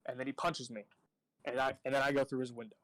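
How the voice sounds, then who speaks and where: A man's voice: mid-range voice, level tone, quick pace, a bit bright, poor audio. A man streaming a game, telling a rambling story to friends in casual, profane speech full of fillers. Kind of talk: casual storytelling while gaming.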